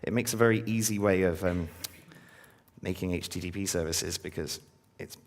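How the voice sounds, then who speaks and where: A deep-voiced conference speaker runs through some live coding at a normal speed, peppering his casual talk with ums and uhs. He gets upbeat while engaging the audience, and there's slight background noise.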